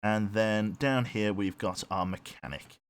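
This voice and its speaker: A man's voice: fairly low pitch, steady tone, a little slow, smooth. A man streaming a submarine game live, rambling on and humming to himself as he picks his crew and reads out chat. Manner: rambling, hums while thinking, reads chat aloud. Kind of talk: live gameplay commentary.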